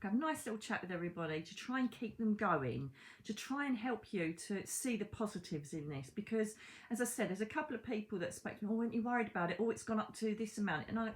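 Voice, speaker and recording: A British woman in a medium voice talks casually to her viewers from home. She is animated and chatty, often turning to the viewer with "do you know what I mean" and the odd mild swear word. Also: medium pitch, fast, low-quality recording. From Britain. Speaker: psychic medium and channel host. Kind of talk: casual chat to camera. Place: her own home, indoors.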